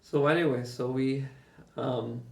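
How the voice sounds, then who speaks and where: A man's voice: mid-range voice, fairly even intonation, measured pace, vocal fry, a little mellow. A man casually recounting his own journey, rambling and emphatic, swearing and chuckling often. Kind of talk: casual first-person storytelling. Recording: roomy echo, mic far off.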